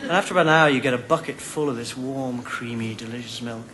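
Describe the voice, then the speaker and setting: A man's voice: mid-range voice, fairly bright tone. A man telling silly comic anecdotes as a guest on a chat show, recorded in a television studio with a live audience. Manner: playful, silly, quick comic storytelling. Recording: 1990 TV broadcast, audience laughter. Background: studio audience laughing.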